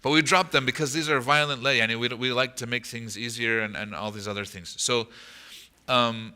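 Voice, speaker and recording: A man teaching a class on a Quran chapter in a mosque. He explains step by step, quizzes his listeners and slips into short Arabic recitations. His voice is very bright and sits at a middle pitch. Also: steady tone, normal speed, smooth. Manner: explanatory, asks the audience rhetorical questions. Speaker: imam teaching Quran commentary. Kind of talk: lecture to an audience.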